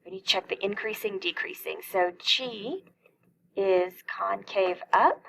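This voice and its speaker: A middle-aged woman works through a calculus lesson in a mid-pitched voice with a gravelly edge of vocal fry. She explains step by step and poses questions that she answers herself. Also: fairly bright tone, poor audio. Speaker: math teacher.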